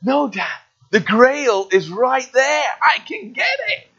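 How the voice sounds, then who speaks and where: A man's voice: very high-pitched, sing-song, takes it slowly, pushed and bright, breathy edge, lo-fi sound, pitched above the performer's own voice, full character voice. A man voicing a desperate male adventurer hero, urgent and pleading.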